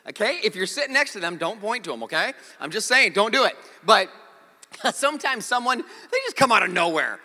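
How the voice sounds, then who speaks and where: A man preaching a sermon, telling a story with jokes and an animated delivery. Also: sits high. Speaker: pastor. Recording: long hall reverb.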